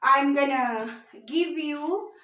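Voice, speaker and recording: Slow patient woman teaching in an echoey room. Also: high-pitched, pushed and bright, recorded from a distance. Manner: slow, patient explaining with frequent "so" and "now". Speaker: language teacher. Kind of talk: beginner language lesson. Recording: echoey room, voice set back from the mic.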